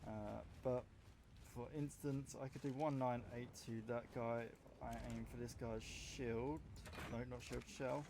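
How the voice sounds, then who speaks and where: A man's voice: mid-range voice, steady tone, unhurried, vocal fry, a little mellow, slight background noise. A man giving casual, rambling gameplay commentary, offhand and often correcting himself, with the hiccups. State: has the hiccups. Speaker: gaming YouTuber.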